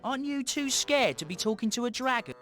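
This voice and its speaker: A man's voice: very high-pitched, lively intonation, a little fast, fairly bright tone, faint music behind. A polite young dragon hero in a cartoon adventure game. He asks questions mildly and slips in dry jokes. His voice rises and falls a lot. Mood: wry.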